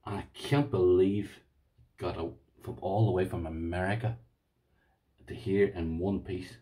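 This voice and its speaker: An Irish lockpicking vlogger chats excitedly and casually through an unboxing, gushing and saying things again and again to his viewers. His voice sits low and dark, with fairly even intonation and a measured pace, and he's recorded from a distance.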